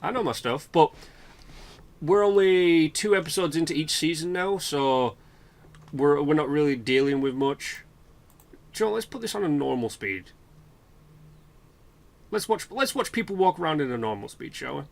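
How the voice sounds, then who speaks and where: A man's voice: on the high side, animated, moderate pace, gravelly, long pauses. A British man hosting a let's play, rambling chattily and swearing freely while commenting on the game. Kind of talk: casual gameplay commentary.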